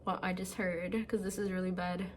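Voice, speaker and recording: A woman's voice: on the low side, monotone, brisk, a little hiss or hum. A young adult woman in a casual late-night chat to her phone camera at home, earnest and full of "like" fillers. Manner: chatty, many "like" fillers, earnest. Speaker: vlogger. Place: at home, seated indoors at night.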